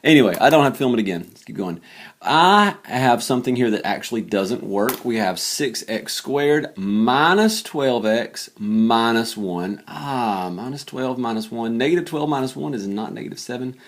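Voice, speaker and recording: A man's voice: mid-range voice, animated, moderate pace. A tired man talking casually and thinking aloud as he works through math problems late at night, joking about his own slips. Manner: chatty, thinks aloud while solving, self-deprecating. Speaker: math teacher. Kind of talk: casual worked-example math lesson.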